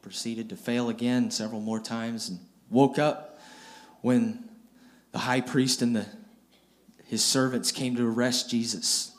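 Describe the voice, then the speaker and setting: A man's voice: medium pitch, steady tone, measured pace. A man preaching a storytelling sermon, retelling scripture in plain everyday speech and often repeating and restarting his phrases.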